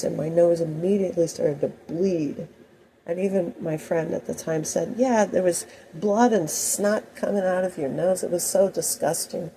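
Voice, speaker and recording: A woman's voice: medium pitch, mellow, slight background noise, low-quality recording. A woman telling personal stories in a rambling, anecdotal monologue full of asides. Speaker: host.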